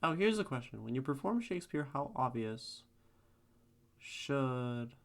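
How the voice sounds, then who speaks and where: Slow, musing American streamer. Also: male voice, mid-range voice, sing-song, creaky. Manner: musing, hesitant, lots of fillers. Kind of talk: casual stream commentary.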